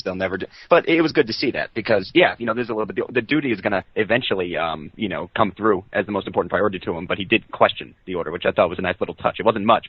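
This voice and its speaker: A man's voice: on the low side, dry recording. A man speaking as a guest on a casual podcast chat, rambling with many restarts. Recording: dry, dull lo-fi podcast audio.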